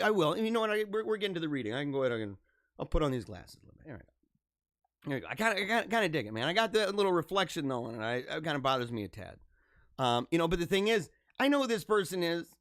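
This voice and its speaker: A man hosting a live show with children at school, chatting in an excitable, rambling way, often laughing and repeating himself. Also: high voice, dry recording, studio quality. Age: adult with school-age children. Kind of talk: casual live-stream chat.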